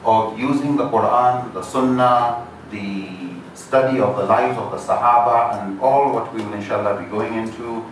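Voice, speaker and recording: A man giving an introductory lecture, talking in a measured, explanatory way and posing rhetorical questions to the audience. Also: medium pitch, slight background noise. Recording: echoey hall, mic far off.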